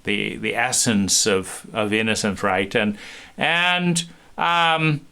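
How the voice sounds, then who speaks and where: A man giving an animated talk, acting out small scenes and restarting phrases often. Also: on the low side, takes it slowly, gravelly. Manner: animated, acts out little scenes with many restarts. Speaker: speaker. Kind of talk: lecture.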